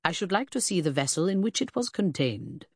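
A woman's voice: fairly low pitch, sing-song, brisk, husky, no room sound, studio quality. A woman voicing a pompous, clipped male detective. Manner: lofty, formal and clipped. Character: pompous middle-aged male detective, pedantic and brusque. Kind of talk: audiobook character reading.

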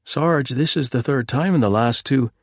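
A man's voice: mid-range voice, breathy edge, dry recording, studio quality, voice pushed up, lightly acted. A man doing an eager young constable. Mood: eager, polite. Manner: eager, quick and deferential. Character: eager, polite young male village constable.

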